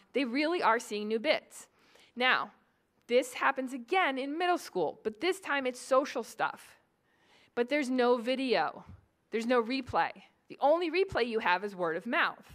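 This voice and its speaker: A woman in her forties from New England gives a conference lecture in a high-ish voice. She keeps the audience engaged with lively, joking asides. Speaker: psychology professor giving a talk.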